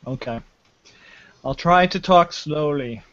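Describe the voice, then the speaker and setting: Guy hosting a web panel from home, bit high voice, halting with lots of uhs, dull lo-fi call audio. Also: a bit bright, dry recording. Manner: halting, lots of fillers and restarts. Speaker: host of a live online panel show. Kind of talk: casual hosting, introducing panel and trivia. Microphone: video call. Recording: dull lo-fi glitchy internet audio.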